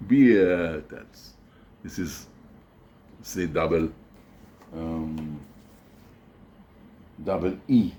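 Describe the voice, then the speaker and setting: A man with a very low voice talks slowly through the records he collects, stopping often to search for words. There's a faint noise under the recording. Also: expressive, darkish tone. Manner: hesitant, many fillers and restarts. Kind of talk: casual show-and-tell video.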